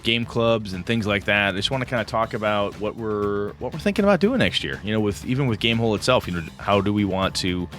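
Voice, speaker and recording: A man co-hosting a casual podcast chat, excitable and rambling, with many fillers and restarts. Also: on the low side, fast talker, hardly any pauses, soft background music. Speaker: podcast co-host.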